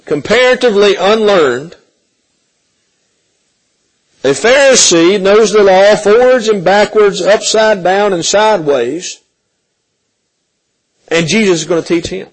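A man leads a Bible study, reading verses and then unpacking them with questions for his listeners. His voice sits slightly high, and he keeps checking in with a quick "okay?". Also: animated, low-quality recording. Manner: questioning, repeats "okay?" often. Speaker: Bible teacher.

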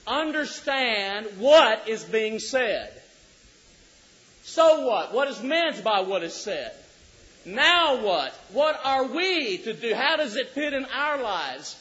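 A middle-aged man preaches a sermon in a very high voice, drawn out and unhurried. He jokes with the congregation and builds to shouts for emphasis. The recording sounds dull and lo-fi. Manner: animated, rising to shouts for emphasis, joking with the congregation.

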